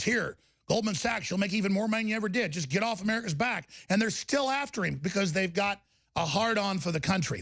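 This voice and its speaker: A man's voice: sits high, creaky, a bit bright, breathy edge, dry recording. A man hosting a talk show, delivering heated, emphatic political commentary and repeating words as he gets riled up.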